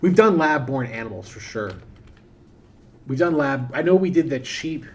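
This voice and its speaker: A man's voice: medium pitch, expressive, moderate pace, darkish tone. A man streaming a game, chatting casually and thinking aloud in a rambling, self-interrupting way. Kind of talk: casual live-stream commentary.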